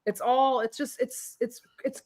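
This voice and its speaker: A woman's voice: high-pitched, unhurried, darkish tone. A woman co-hosting a political livestream, talking in an exasperated, sarcastic way and laughing often. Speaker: co-host.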